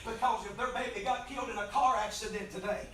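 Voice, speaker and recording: A man preaching an impassioned revival sermon in a church, swinging between soft pleading and loud shouting. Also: sits high, fairly even intonation, fast. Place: church sanctuary. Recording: very echoey church from far off mic.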